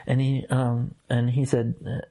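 Middle-aged man, husky voice, earnest, halting, reflective storytelling, interview guest. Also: mid-range voice, monotone, dark tone. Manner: earnest, halting with many restarts and fillers. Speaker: former minister, interview guest.

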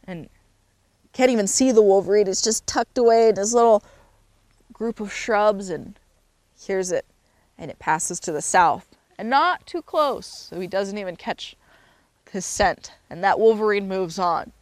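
A woman with a mid-pitched voice telling a story aloud in a loose, casual way. She talks freely, stopping to correct herself now and then. The recording is close and dry. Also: unhurried, long pauses, a little mellow, no room sound. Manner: loose and unscripted, with fillers and self-corrections.

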